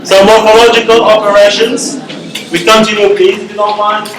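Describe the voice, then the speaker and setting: A man's voice: high-pitched, little pitch movement, fairly bright tone. A male university lecturer teaching a class, often checking in with "okay?" as he explains. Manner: repeats "okay?" to check understanding, slow and deliberate. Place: lecture hall. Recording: echoey classroom.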